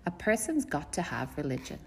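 A woman reading aloud puts on an elderly grandmother, proper and devout, who states her views as settled fact. The voice rides a bit higher than the reader's own low, gravelly tone, with creak still under it. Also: big pitch swings, brisk, a little hiss or hum, exaggerated voice. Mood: insistent. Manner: firm, matter-of-fact. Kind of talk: audiobook character voice.

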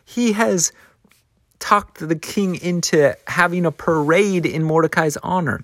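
A man telling a Bible story in a casual, animated way, with chuckling asides. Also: on the high side, takes it slowly, no room sound, studio quality.

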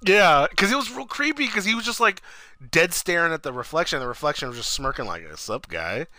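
A man casually recapping a horror movie on a remote call, rambling with many fillers and acting out the characters in quick voices. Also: high voice, expressive, bright, forceful tone, no room sound. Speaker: podcast co-host.

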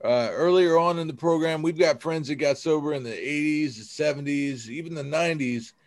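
A man co-hosting a casual recovery podcast, talking in a relaxed storytelling way. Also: on the high side, fairly quick. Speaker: podcast co-host. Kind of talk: casual recovery-group chat.

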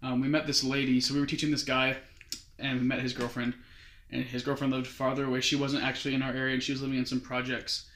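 A man's voice: medium pitch, little pitch movement, quick pace, fairly bright tone, slight background noise. A young man casually telling a long story as a guest. He rambles and keeps quoting others with "he's like". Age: young adult. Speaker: guest recounting his mission. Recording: roomy echo.

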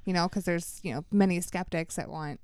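A woman's voice: fairly low pitch, steady tone, a little fast, a little mellow, clear, resonant tone, no echo, studio quality. A woman co-hosting a casual podcast, reading news articles aloud between fillers and chat. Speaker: podcast co-host.

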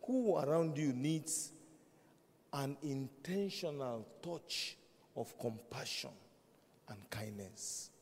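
A man in his fifties preaching a sermon, earnest and repetitive, building to loud emphatic peaks. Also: medium pitch, animated, takes it slowly, long reverb tail, a little hiss or hum. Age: 50s. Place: large hall.

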